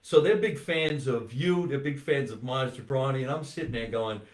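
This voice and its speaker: An older man chatting on his comedy podcast. He tells animated stories and swears freely. His mid-range voice carries a roomy echo. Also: medium pitch, normal speed. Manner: animated storyteller, swears, does voices in anecdotes. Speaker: podcast host. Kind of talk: casual comedy chat.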